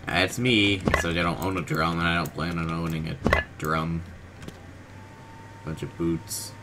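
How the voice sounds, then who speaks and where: A man giving casual gameplay commentary, low-key and monotone, groggy from just waking up, in his bedroom. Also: measured pace. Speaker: gaming video host. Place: hot bedroom with a fan. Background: fan and keyboard noise.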